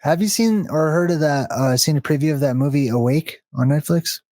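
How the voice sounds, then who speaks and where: A man's voice: on the high side, a little fast, mellow, no echo. A man chatting casually during a gameplay session over a voice call, thinking aloud as he explains ideas. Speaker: co-host of a gaming video.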